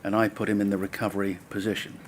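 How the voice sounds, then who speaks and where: A man, counsel at a public inquiry, cross-examining a witness in a measured, probing way. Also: on the low side, flat delivery, slight background noise. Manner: measured, probing, pressing follow-up questions. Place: public inquiry hearing room.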